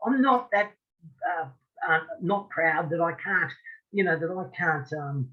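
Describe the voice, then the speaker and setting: Australian man, higher pitch, casual rambling chat, restarts often, muffled phone-call audio. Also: expressive, unhurried. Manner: friendly, rambling, many restarts, says mate. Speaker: boxing referee, guest.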